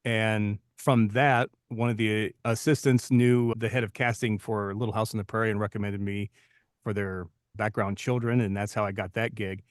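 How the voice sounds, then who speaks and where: A man in his fifties, co-host of a podcast, telling stories from his acting career in a relaxed, reflective way. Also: fairly low pitch, moderate pace, dry recording, clean studio sound. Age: 50s. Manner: storytelling, reflective. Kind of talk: casual podcast chat.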